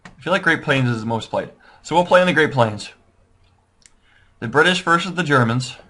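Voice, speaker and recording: Here a gaming tutorial host with a slightly high, pushed and bright voice walks viewers casually through a strategy game. His intonation is lively and his speed normal, and he rambles, doubts his choices, and puts himself down.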